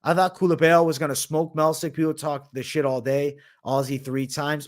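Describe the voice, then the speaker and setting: A man's voice: mid-range voice, moderate pace. A young man hosting a casual livestream, reading viewers' questions aloud and answering with blunt, slangy opinions. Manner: slangy, says bro and man often.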